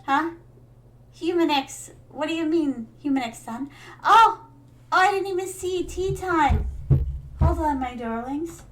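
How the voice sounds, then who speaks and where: High-voiced playful streamer woman. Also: lively intonation, measured pace, a little hiss or hum. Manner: playful regal persona, calls viewers "my darlings"; rambling, many fillers. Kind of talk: casual gaming stream chat.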